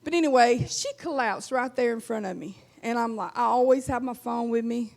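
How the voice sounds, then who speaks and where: Southern woman in her fifties, stand-up comic, homey drawl, high voice. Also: normal speed, creaky, darkish tone. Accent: Southern US, Alabama. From Alabama. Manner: folksy, drawling, chuckles at her own lines. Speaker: stand-up comedian. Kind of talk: stand-up comedy set.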